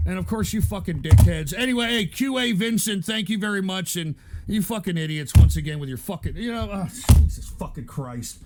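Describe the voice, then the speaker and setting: A man with a strikingly high-pitched voice and a rough, gravelly edge rants at his chat. His delivery is profane and heated, full of stammered restarts and repeated words. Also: expressive, moderate pace, background noise. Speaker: show host. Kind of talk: angry rant at chat.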